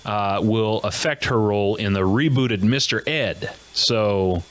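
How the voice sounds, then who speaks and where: A man's voice: lowish voice, unhurried. Man delivering a rambling comic news monologue. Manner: jokey, self-mocking, rambling asides. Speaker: comedy show host.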